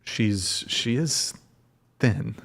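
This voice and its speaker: A man's voice: fairly low pitch, very slow, vocal fry, fairly bright tone. Blunt teasing male host. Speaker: dating show host. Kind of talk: live-stream panel chat.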